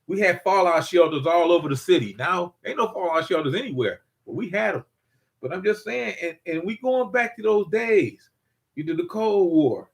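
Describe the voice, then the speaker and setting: Older man, prepper host, rambling folksy monologue, voice a bit high. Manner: rambling, repeats himself, folksy storytelling. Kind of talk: casual monologue to viewers.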